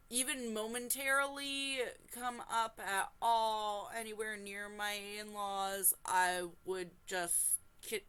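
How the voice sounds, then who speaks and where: A reaction channel host, a woman with a mid-range, clean voice, reads a forum story aloud in a bright, forward tone and at an unhurried pace. She frequently pauses to make animated, exclaiming asides and to apologize.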